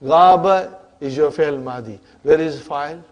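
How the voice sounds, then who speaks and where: A man's voice: on the high side, a little slow, lo-fi sound. A man teaching an Arabic grammar class, often checking in with the students and answering his own questions. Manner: keeps checking in with the class, asking "huh?" and "are you with me?"; asks the students questions and then answers them himself. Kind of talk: classroom lecture.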